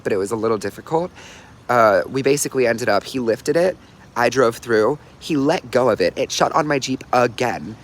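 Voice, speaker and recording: A man's voice: medium pitch, a bit bright, slight background noise. A young man chatting casually on a livestream, bubbly and talkative, reading viewer comments and telling stories. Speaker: livestream host.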